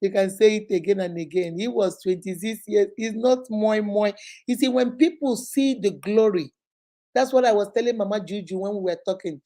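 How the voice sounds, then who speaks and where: A middle-aged woman, hosting a show and telling family stories in a lively, exclaiming way. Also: medium pitch, normal speed. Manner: animated, exclaiming, laughing often. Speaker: host. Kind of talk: casual storytelling chat.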